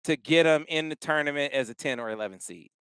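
A male podcast co-host with a slightly high, clear and crisp voice, telling his stories with lively emphasis. His talk is casual and excited, and the sound is bright and close to the mic. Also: quick pace, no room sound. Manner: animated, emphatic storytelling. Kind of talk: casual sports podcast chat.

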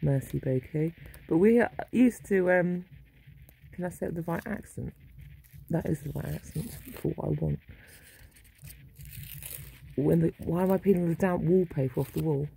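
A middle-aged woman muses aloud, losing her thread and swearing now and then. Her voice is low, gravelly and mellow. The home recording carries a faint hiss. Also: moderate pace, long pauses, poor audio. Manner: meandering, self-interrupting, sweary. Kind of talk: rambling monologue. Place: home, indoors.

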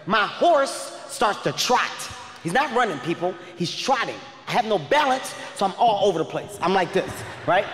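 A high-pitched man shouting out a profane stand-up story, animated and loud. His voice rings through a big echoey hall with a long reverb tail. Faint noise hangs underneath. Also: fairly quick, hardly any pauses. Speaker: comedian.

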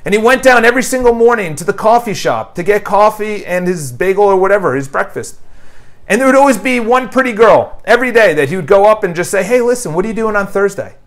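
A man's voice: high-pitched, expressive, fast talker. A man reviewing a book in a casual motivational monologue, emphatic and repeating his points. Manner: emphatic, repeats phrases, lists questions; quotes an author's dialogue in paraphrase. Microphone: new microphone, home video.

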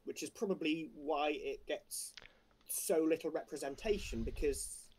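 A man on an online writers' panel, speaking in a measured, direct way and stating his opinions without hedging. His voice is a little higher than most men's. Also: a little mellow, slight background noise.

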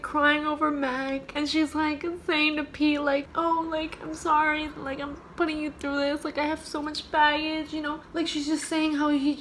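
A woman's voice: high voice, a bit bright, a little hiss or hum. A young woman chatting casually and emotionally as she reacts to a new album, saying "like" constantly. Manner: gushing, emotional, heavy use of "like". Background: pop music playing.

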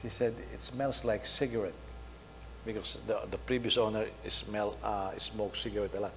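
A middle-aged man, preaching a sermon, telling a story and swinging between loud emphasis and soft asides. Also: on the low side, level tone, moderate pace. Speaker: pastor. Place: church hall. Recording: faint hum, long hall reverb.

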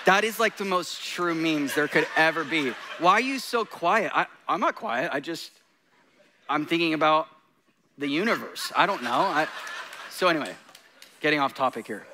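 A man's voice: on the high side, lively intonation, moderate pace, background noise. A man preaching a sermon, mixing laughing, self-deprecating jokes with intense points. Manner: laughing often while talking. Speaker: guest preacher.

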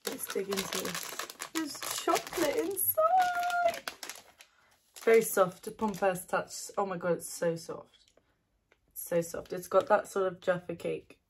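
A woman's voice: fairly low pitch, steady tone, normal speed. Brief: bubbly woman taste-testing at home, laughs easily and gushes, faint hiss behind her. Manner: bubbly, giggly and gushing, often laughing. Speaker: snack taster and ASMR creator. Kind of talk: casual chat tasting snacks. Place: her new house, indoors. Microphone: not her usual ASMR mic.

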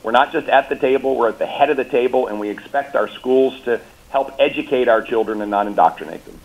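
A man's voice: medium pitch, fairly quick. Confident male politician on a lo-fi line. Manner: confident, repetitive restarts, rally-style talking points. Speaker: governor, guest. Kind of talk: political interview by phone or remote.

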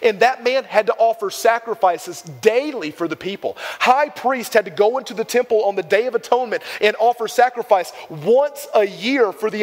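A young man preaching a sermon to a youth group, energetic and emphatic, repeating phrases for effect. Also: very high-pitched, big-room sound. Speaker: youth pastor.

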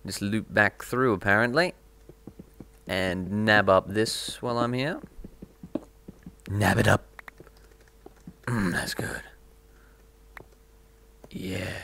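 Slow, gravelly man narrating gameplay. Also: fairly low pitch, bright, forceful tone. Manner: playful, chatting to himself. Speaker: gaming video host. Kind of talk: relaxed gameplay commentary.

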